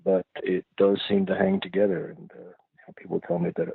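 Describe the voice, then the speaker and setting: A man from Prince Edward Island, Canada, giving thoughtful, unhurried interview answers as a singer-songwriter guest, searching for his words. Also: low voice, very animated, vocal fry, husky, no echo. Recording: tinny phone-like line, dry.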